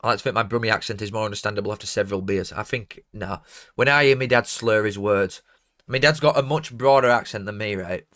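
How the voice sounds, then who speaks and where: A man's voice: on the low side, fast talker, fairly bright tone. A young man with a Barnsley accent chatting casually on a live football watchalong, rambling and self-mocking while reading out donations. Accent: Barnsley, South Yorkshire. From South Yorkshire, England. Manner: rambling, self-mocking, broad dialect grammar.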